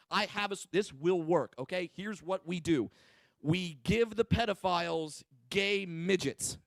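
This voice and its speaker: High bright-voiced guy in his 20s yelling profane stand-up jokes, gravelly edge. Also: no echo. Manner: loud, brash, profane punchlines. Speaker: stand-up comedian. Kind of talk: stand-up comedy routine.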